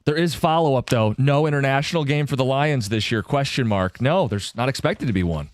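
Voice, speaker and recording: Brisk male sports radio host. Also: medium pitch, no room sound, studio quality. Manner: brisk, reads listener texts and statements aloud. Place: radio studio.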